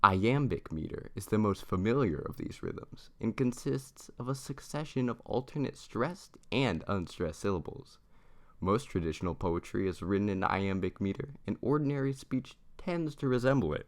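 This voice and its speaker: Brief: male presenter, deep gravelly voice, deliberate prepared delivery. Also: darkish tone. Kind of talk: reading a prepared lesson.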